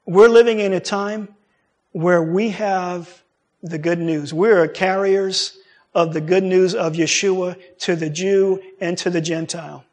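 High-voiced man preaching with lively storytelling. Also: measured pace. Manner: animated storytelling, acting out quoted voices. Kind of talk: sermon with personal story.

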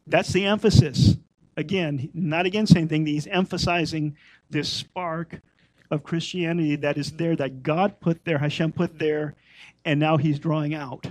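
Middle-aged male teacher with a higher voice who chats his way through scripture and hammers home key points by repeating them, on a dry recording. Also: no echo, rough recording. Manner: conversational, repeats points for emphasis. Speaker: Messianic Torah teacher. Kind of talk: informal Torah teaching.

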